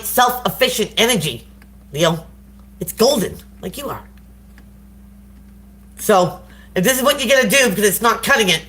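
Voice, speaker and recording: A woman's voice: on the high side, a bit bright, a little hiss or hum. A woman giving a casual live tarot reading to viewers on a phone, talking in a slangy, encouraging way. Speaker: tarot reader.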